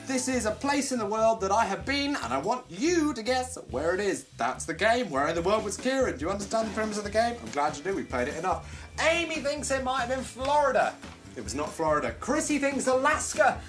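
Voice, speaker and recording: A man's voice: sits high, a little fast, faint music behind. A man hosting a live comedy stream, chatting playfully and joking at his own expense while reading viewer comments. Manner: playful, self-mocking, animated, jokes at his own expense. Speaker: host of a live comedy show.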